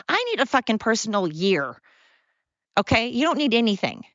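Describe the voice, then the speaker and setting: A woman's voice: on the high side, big pitch swings, fairly quick, no echo. Heated woman ranting into a dull mic. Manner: heated, sarcastic, repetitive and emphatic. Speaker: podcast host. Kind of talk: angry solo rant. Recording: dull lo-fi sound.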